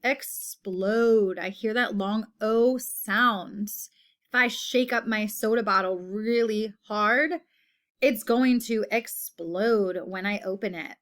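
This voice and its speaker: A woman's voice: medium pitch, fairly even intonation, slow pace, fairly bright tone. A woman teaching a phonics lesson to children, patiently repeating each word and giving example sentences.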